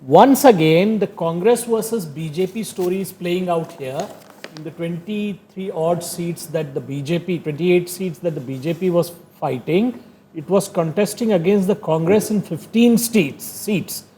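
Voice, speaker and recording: Emphatic male analyst, mellow tone. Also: high voice, normal speed, a little hiss or hum. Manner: emphatic point-making. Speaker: panel analyst.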